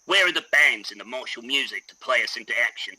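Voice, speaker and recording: A man's voice: mid-range voice, expressive, quick pace, sharp tone, a little hiss or hum, poor audio. A man putting on a weary Australian soldier. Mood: weary lament. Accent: put-on Australian. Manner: reading a quote aloud, rising lament.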